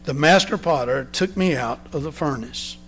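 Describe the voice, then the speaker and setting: A man, a preacher, reading a parable aloud slowly and deliberately, often dropping to a soft, low voice. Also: a little hiss or hum.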